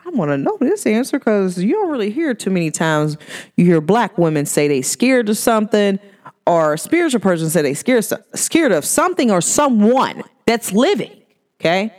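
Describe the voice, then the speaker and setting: A woman telling stories in a casual podcast monologue, speaking with slangy, animated delivery and laughing often as she acts out what people told her. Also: medium pitch, normal speed. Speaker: podcast host. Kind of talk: casual spiritual storytelling monologue.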